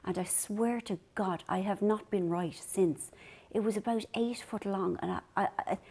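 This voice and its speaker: A woman's voice: medium pitch, moderate pace, a little mellow, slightly rough. An Irish woman from Ireland chatting to camera as a vlog host, telling rambling, self-deprecating stories. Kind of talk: casual chat to camera.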